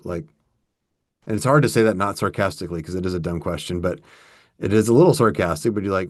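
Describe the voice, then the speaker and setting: A man's voice: low voice, fast talker, darkish tone, no room sound, clean studio sound. A man co-hosting a workplace podcast, telling stories in a casual, conversational way and acting out quotes. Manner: storytelling with acted-out quotes, conversational. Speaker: podcast co-host.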